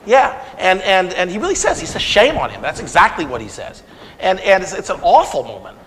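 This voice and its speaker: A man giving a conversational lecture to an audience, animated and retelling scenes with quoted dialogue. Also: high-pitched, brisk, a little hiss or hum. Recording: long reverb of a lecture hall.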